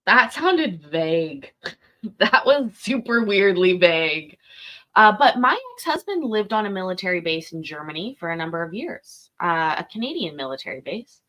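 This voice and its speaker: A woman's voice: lowish voice, sing-song, moderate pace, pushed and bright. A woman hosting a live stream, rambling and chatty as she reacts to a clip, swearing freely. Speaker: live-stream host reacting to a court show. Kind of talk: casual live commentary.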